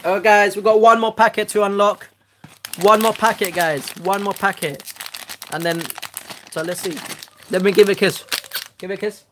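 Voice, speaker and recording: A woman hosting a casual home unboxing vlog, chatty and excitable, who swears loudly when let down. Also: medium pitch, moderate pace, long pauses, background noise. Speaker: host.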